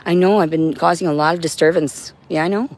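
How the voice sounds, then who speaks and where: A woman's voice: low-pitched, steady tone, fast talker, a little mellow. A woman on a livestream in an agitated, profane, rambling monologue, now and then talking to her cat.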